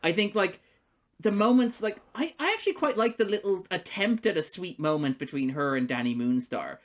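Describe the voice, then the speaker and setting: A man co-hosting a film podcast, chatting casually and animatedly, laughing often and acting out quoted lines as quick asides. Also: sits high, expressive. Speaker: podcast co-host, film critic.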